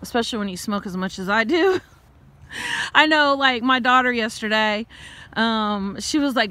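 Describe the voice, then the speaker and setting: A middle-aged woman, talking casually while walking outdoors, out of breath, chatty and quick to laugh. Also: on the high side, bright, forceful tone. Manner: chatty, laughs often, rambles into rants. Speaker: vlogger and tarot reader.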